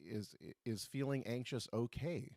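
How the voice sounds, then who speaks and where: A man hosting a live stream, reading out comments and chatting in a halting, casual way. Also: mid-range voice, fairly even intonation, darkish tone, dry recording, studio quality. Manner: chatty, halting, repeats words when starting. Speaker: host of a live stream show.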